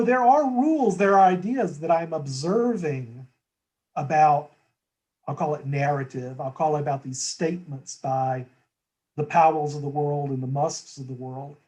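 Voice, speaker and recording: A man's voice: fairly high pitch, darkish tone, poor audio. A man as a guest in a conversational market discussion, talking thoughtfully with frequent restarts and tag questions.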